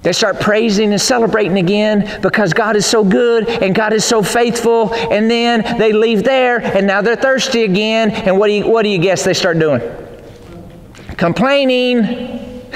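A man's voice: very high voice, fairly bright tone. A man preaching a sermon, repeating key phrases and urging the congregation to say them back. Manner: repetitive call-and-response preaching. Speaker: pastor. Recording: echoey reverberant hall.

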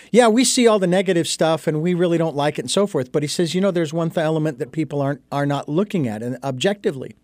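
A man hosting an interview, talking conversationally and tagging his points with a quick "okay?". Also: fairly high pitch, a little mellow, no room sound. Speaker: interview host. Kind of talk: casual podcast conversation.

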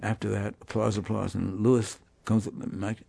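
An older man, a guest musician, telling animated anecdotes in an interview and voicing the people he quotes. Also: lowish voice, normal speed, gravelly, husky, no room sound. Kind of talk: storytelling interview.

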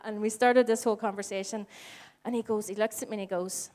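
A mid-range female voice races along with hardly any pauses. She's a church speaker in her forties from Northern Ireland, giving a conversational sermon before a congregation in a church hall, animatedly telling stories and acting out the quoted speech.

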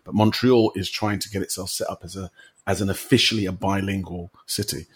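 Low husky-voiced male guest. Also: fairly even intonation, a little fast. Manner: explanatory, matter-of-fact. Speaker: podcast guest. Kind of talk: casual podcast chat. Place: Montreal.

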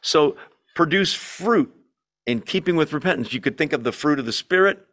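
A man's voice: fairly high pitch, lively intonation, moderate pace, a bit bright. A man leading a Bible study in a church meeting room, speaking animatedly and asking and answering his own rhetorical questions.

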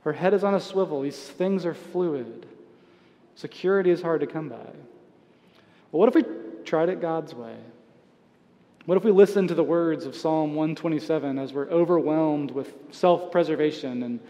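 A man preaching a sermon as pastor, conversational, with soft asides and light chuckles. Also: a little high, normal speed, big-room sound. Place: church sanctuary.

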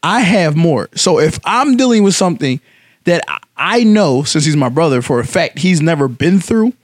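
A man's voice: a little high, big pitch swings, normal speed, no echo. A young man co-hosting a casual podcast, teasing his friends with absurd jokes and arguing his points emphatically. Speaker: co-host. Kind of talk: casual chat.

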